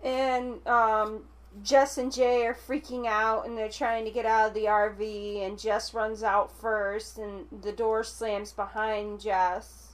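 A woman's voice: fairly high pitch, little pitch movement, takes it slowly, few pauses. A woman co-hosting a podcast, retelling a horror film plot in a rambling way with lots of fillers. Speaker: podcast co-host. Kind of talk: casual chat recapping a film.

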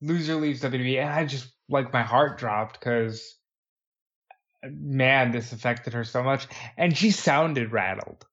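A man's voice: mid-range voice, measured pace. A man co-hosting a casual wrestling chat, retelling events with acted-out quotes. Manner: animated storyteller acting out quotes. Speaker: podcast co-host. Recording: dull lo-fi audio.

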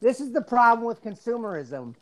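A woman's voice: a little high, big pitch swings, a little fast, voice pushed up. A woman voicing a mock-serious debater in a put-on Southern accent, pleading cynically as if in court. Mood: ranting. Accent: put-on American Southern.

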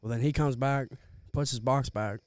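A man's voice: mid-range voice, steady tone, normal speed, a little mellow, no room sound. A young man telling a rambling, profane story in casual chat, slangy and loose. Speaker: podcast co-host.

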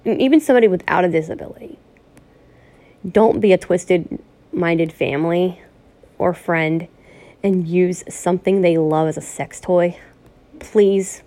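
A woman's voice: on the low side, measured pace, pauses often, warm tone. A woman vlogger ranting in a personal vlog, pleading and upset, repeating herself and restarting her sentences. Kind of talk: emotional personal vlog rant.

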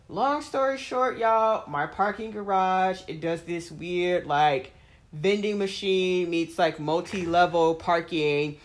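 A woman's voice: on the low side, takes it slowly. A woman hosting a casual chat, telling a story bluntly with lots of swearing and "like" fillers. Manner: blunt, profane, vents with heavy "like" fillers; acts out quoted people in animated voices.

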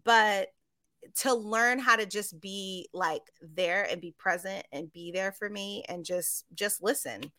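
An animated woman co-hosting a podcast in casual chat, acting out little quoted lines as she talks. Her voice is bright and forward. It was recorded close and dry, with almost no room sound. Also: medium pitch, takes it slowly, dry recording. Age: adult, married. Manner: animated, talks through stories with quoted asides. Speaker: podcast co-host.

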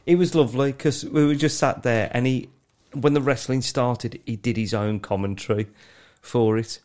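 A man's voice: medium pitch, moderate pace, darkish tone. A man with kids, a podcast co-host telling a funny story in casual, sweary chat. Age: adult, has kids. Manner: swearing, laughing, breaks into mimicry.

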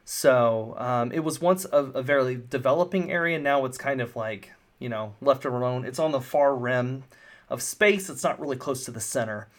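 A man's voice: mid-range voice, moderate pace. A man narrating a tabletop game as game master, casual and full of fillers. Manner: casual, rambling with many fillers.

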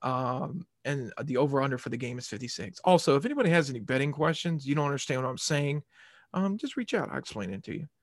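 Quick and animated, the man's mid-range voice carries his casual sports podcast, full of rambling, jokes, rants and swearing. The recording is dry and studio-clean.

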